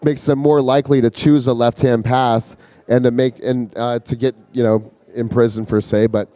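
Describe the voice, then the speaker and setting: A man with a mellow, warm voice talks in a loose, rambling way, often stopping and restarting his sentences. The sound is dry and close, with little room around it. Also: medium pitch, level tone, moderate pace, no room sound. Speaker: interview guest. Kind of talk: casual conversation. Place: convention floor.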